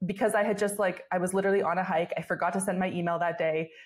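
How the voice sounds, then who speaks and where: Her voice is fairly low and steady. She's a young woman in her twenties and a travel blogger guesting on a podcast, where she tells stories quickly and casually with plenty of fillers and laughs.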